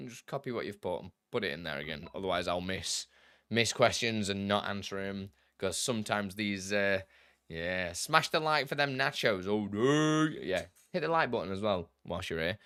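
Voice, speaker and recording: Chatty low-voiced man streaming live. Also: expressive, moderate pace, a bit bright, clear, resonant tone, dry recording, clean studio sound. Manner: chatty, greets viewers by name, laughs easily. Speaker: live streamer answering tech questions. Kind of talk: casual live-stream chat.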